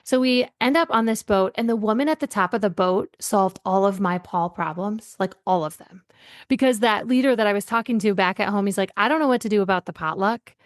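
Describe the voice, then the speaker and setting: A woman's voice: medium pitch, brisk. A middle-aged woman, a leadership coach, telling workplace stories in a podcast interview and acting out the people she quotes. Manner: animated storyteller, acts out quoted voices.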